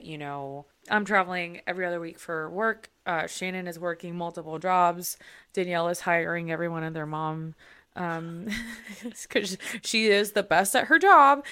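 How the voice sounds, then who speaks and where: A woman's voice: lowish voice, a bit bright, smooth. A young woman co-hosting a podcast, talking casually and rambling a little. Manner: apologetic, rambling. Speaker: podcast co-host.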